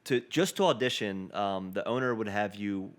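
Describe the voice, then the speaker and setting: A man's voice: fairly low pitch, animated, moderate pace. A young man telling a story in a podcast interview, acting out the people he quotes. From Boston. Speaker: comedian guest.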